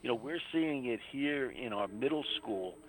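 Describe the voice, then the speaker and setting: A man's voice: medium pitch, expressive, normal speed, slight background noise, poor audio. A man who coordinates a local anti-drug alliance, talking earnestly as a radio guest, with many "you know"s and "uh"s. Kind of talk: casual radio interview.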